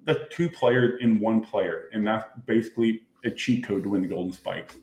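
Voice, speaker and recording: A man's voice: fairly low pitch, normal speed, a little mellow. A man co-hosting a sports podcast, explaining his points and correcting others. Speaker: podcast co-host. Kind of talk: casual sports chat. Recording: roomy echo.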